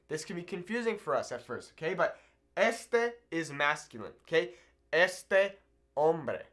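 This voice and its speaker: A man teaching a video language lesson at a board, upbeat and animated, checking in often with the viewer. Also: on the high side. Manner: upbeat, animated, keeps asking "okay?". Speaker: Spanish teacher.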